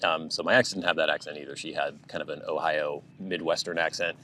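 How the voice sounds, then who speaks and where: A man's voice: a bass voice, steady tone, fast talker, sharp tone. A man from the United States, hosting his channel in a rambling, casual chat to camera. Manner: rambling, chatty, thinking aloud. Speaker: YouTube channel host.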